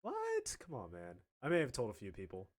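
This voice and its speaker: A man's voice: low-pitched, big pitch swings, quick pace. A man in his twenties telling a casual storytime anecdote, laughing often and stammering through restarts.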